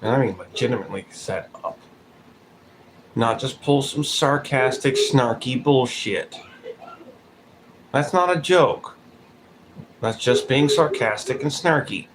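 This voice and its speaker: A man's voice: medium pitch, measured pace, long pauses. A man giving blunt, profane commentary in a casual vlog, calling people out directly. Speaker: vlogger. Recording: noticeable background noise.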